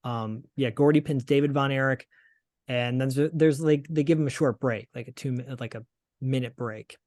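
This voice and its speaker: Male podcast host, mid pitch, chatty recap full of fillers, dry close mic. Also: steady tone, normal speed, darkish tone, no echo. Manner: chatty, hesitant with frequent fillers and restarts.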